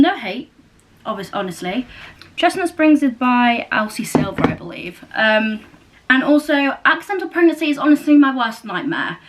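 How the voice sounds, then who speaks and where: In a casual chat inside her new house, a young book vlogger rambles along, full of fillers and correcting herself as she goes. Her voice is fairly high and fairly bright.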